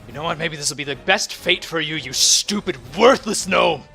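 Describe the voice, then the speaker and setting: A cruel, menacing bandit leader, put on by a man running a tabletop game, snarls his threats at his captives. The voice is pushed higher and louder than a plain speaking voice, with a bright, forceful edge. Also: moderate pace, gravelly, faint music behind. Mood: sneering. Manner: sneering, shouting threats.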